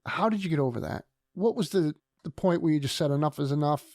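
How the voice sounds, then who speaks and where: A man hosting a radio talk show, asking questions in a halting, searching way. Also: fairly high pitch, animated, a little mellow, no room sound, clean studio sound. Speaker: radio show host, interviewer. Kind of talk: radio interview questions and sign-off.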